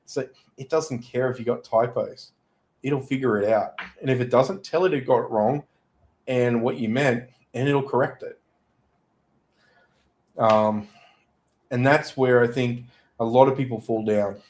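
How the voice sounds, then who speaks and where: A man chatting as a podcast guest. He tells his stories in an animated, everyday way, with a voice sitting in the middle of the male range. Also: medium pitch, measured pace, pauses often, rough recording. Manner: animated storyteller. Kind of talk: casual podcast chat.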